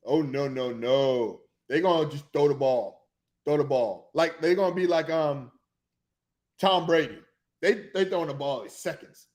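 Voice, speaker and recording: A man hosting a sports show, chatting casually in an excitable, rambling way that often loses its thread. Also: a little high, a little slow. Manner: excitable, rambling, loses his train of thought. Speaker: sports podcast host.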